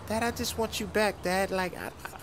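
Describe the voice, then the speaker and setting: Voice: mid-range voice, fairly even intonation, moderate pace, slight background noise, lightly acted. A performer voicing a reckless, rebellious teenage son in a game role-play, whiny at times and defiant at others. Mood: sad.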